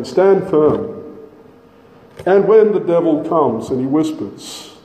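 Slow emphatic preacher in a hall. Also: male voice, on the high side, expressive, warm tone. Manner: emphatic, slows and repeats key phrases. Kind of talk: sermon. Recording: echoey hall from a distance.

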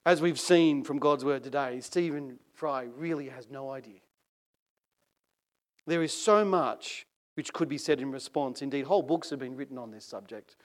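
A male preacher delivering a sermon, reading passages aloud with measured, dramatic emphasis that swells on key phrases. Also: mid-range voice.

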